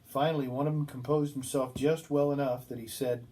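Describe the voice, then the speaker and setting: A man's voice: mid-range voice, steady tone, a little fast, mellow. A man giving a classroom lecture, talking casually with many ums and restarts as he tells a story from his work.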